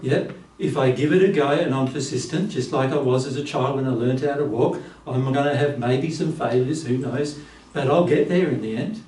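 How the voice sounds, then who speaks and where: A man giving a casual spiritual teaching talk to a small group, lively and blunt, often laughing. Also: medium pitch, normal speed. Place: living room. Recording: roomy, distant, faint room hum.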